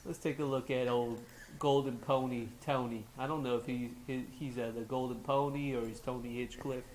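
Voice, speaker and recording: A man's voice: medium pitch, fairly even intonation, moderate pace, darkish tone. Young man, New York-sounding accent, casual rambling co-host, faint background hum. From Los Angeles. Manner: loose and rambling, trails off with fillers. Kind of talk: casual chat.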